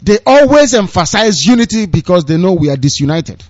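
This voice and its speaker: A man's voice: sits high, sing-song, fairly quick, no room sound. Man, Nigerian accent, sarcastic ranting news commentary, dry muffled sound. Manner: impassioned, scornful, sarcastic asides. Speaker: political commentator. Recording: dull, dry lo-fi recording.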